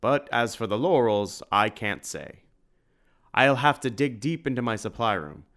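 Gruff, growling burly shopkeeper, put on by a male reader; formal, wary. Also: mid-range voice, lively intonation, measured pace, a bit bright, voice pushed up. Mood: hearty.

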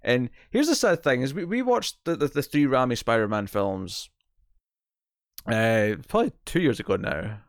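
A man co-hosts a casual movie podcast in a sing-song, mid-range voice at a moderate pace, recorded in a clean studio with no echo. He rambles, often restarting and repeating words as he talks about films.

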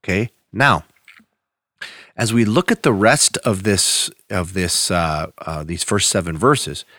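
A man preaching a sermon, teaching through scripture in a conversational way and reading verses slowly with emphasis. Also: sits low, bright, forceful tone, dry recording, studio quality. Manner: conversational with restarts. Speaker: pastor.

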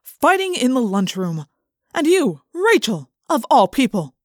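A woman's voice: high voice, big pitch swings, unhurried, no room sound, studio quality, voice pushed up, heavily acted. A woman doing a stern school principal. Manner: demanding, stern. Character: stern adult male assistant principal.

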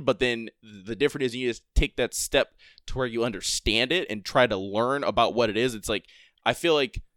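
A man's voice: mid-range voice, pushed and bright, clean tone, no echo, studio quality. A man co-hosting a podcast, ranting in a casual, emphatic way with lots of fillers. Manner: emphatic, fast and filler-heavy. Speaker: podcast co-host.

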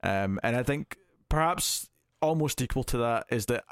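A man's voice: mid-range voice, lively intonation, moderate pace, smooth, dry recording. A man co-hosting a podcast, chatting casually and hesitantly about a film he reviews. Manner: rambling, hesitant, restarts often. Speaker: podcast co-host.

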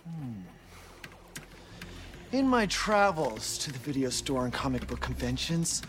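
A man's voice: mid-range voice, sing-song, unhurried, a bit bright, slight background noise. An actor playing an eccentric male video-store monster expert, speaking in a theatrical, mysterious way over film music. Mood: ominous. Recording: film clip with music behind.

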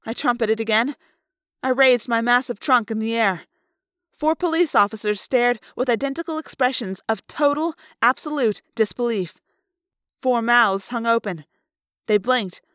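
A woman's voice: on the high side, a bit bright, dry recording, clean studio sound. A woman reading a first-person novel aloud, dramatic and voicing the sound effects herself. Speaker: audiobook reader.

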